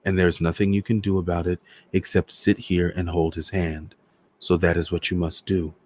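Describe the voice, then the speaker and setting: A man voicing the calm, rational inner voice of a grieving woman in a story reading, speaking evenly and matter-of-factly. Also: low voice, normal speed. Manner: calm, even, matter-of-fact.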